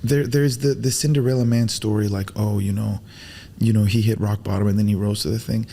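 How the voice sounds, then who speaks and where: A man telling stories as a podcast guest in casual chat, animated, acting out quotes and using Arabic religious phrases. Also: fairly low pitch, a little fast, a little hiss or hum. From Arab world.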